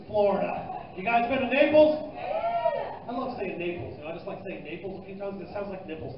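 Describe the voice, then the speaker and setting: A man's voice: high voice, expressive, quick pace. A man doing a stand-up comedy set, loose and profane, teasing the crowd in a live club. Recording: echoey, distant, muffled club recording with noise.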